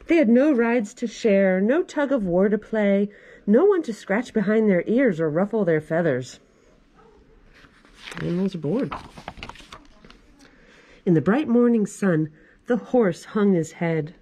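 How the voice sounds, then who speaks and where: Children's librarian, woman, forties: storytime reader, animated, chatty with kids. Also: medium pitch, measured pace, long pauses. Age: 40s. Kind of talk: reading a picture book aloud to children.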